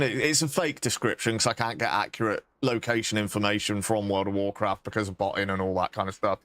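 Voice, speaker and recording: A man's voice: medium pitch, a bit bright, no room sound. Rambling, self-mocking male game streamer. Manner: rambling, swearing, self-mocking with bursts of laughter. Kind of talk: casual live-stream chat.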